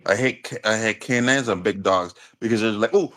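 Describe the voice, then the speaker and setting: A man's voice: lowish voice, fairly quick, fairly bright tone. A man in a heated online debate, answering in a rambling, defensive, profane way. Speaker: debate guest.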